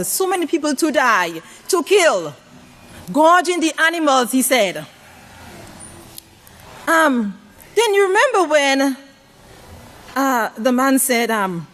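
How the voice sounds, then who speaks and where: A woman preaches to her congregation in a high, bright voice. She keeps putting questions to them and asking for answers. Her pitch rises and falls widely for emphasis. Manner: call-and-response questions to the congregation. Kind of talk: sermon to a congregation.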